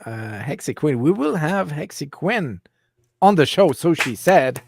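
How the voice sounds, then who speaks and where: A man hosting a casual livestream chat who laughs often and gives shout-outs to viewers. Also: fairly high pitch, big pitch swings, unhurried, creaky, background noise. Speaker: host.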